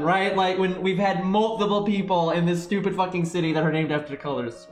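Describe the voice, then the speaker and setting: A man's voice: high voice, normal speed, roomy sound, faint music behind, rough recording. A man commenting on a video game as he plays, ranting and swearing in exasperation. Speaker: gaming streamer.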